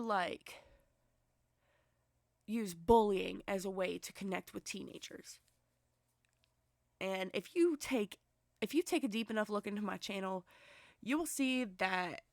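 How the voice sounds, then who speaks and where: A woman's voice: mid-range voice, no room sound, studio quality. A young woman ranting angrily in a vlog commentary, cursing heavily and restarting her sentences. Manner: heated profane rant with frequent restarts. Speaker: commentary vlogger.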